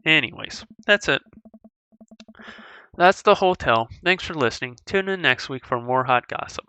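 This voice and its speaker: A woman's voice: low voice, expressive, moderate pace, bright, forceful tone, smooth, dry recording. A woman voicing a hurt, sarcastic teenage girl in video game dialogue read aloud, dejected and self-mocking.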